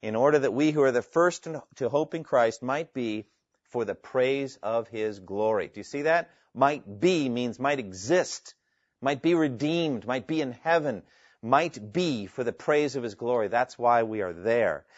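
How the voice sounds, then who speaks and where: A man's voice: medium pitch, lively intonation, a little slow, no room sound. Man, Bible teacher, earnest and emphatic, mid-range voice, dry lo-fi recording. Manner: earnest and emphatic, reads scripture aloud and explains it. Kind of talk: Bible teaching to a live class, taking questions.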